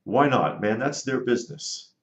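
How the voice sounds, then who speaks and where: A man's voice: medium pitch, animated, normal speed. A man hosting his own channel, bluntly and sarcastically answering rude viewer comments in casual commentary. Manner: blunt, sarcastic, dismissive of critics. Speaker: channel host. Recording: roomy, slightly dull audio.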